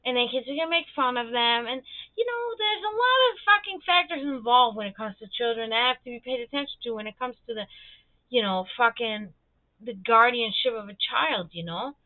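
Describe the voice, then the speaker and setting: A woman's voice: on the high side, lively intonation, fairly quick, no echo, narrow, tinny audio. A young woman hosting a livestream, chatting casually and animatedly, swearing freely and acting out the voices of people in her stories. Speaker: livestream host.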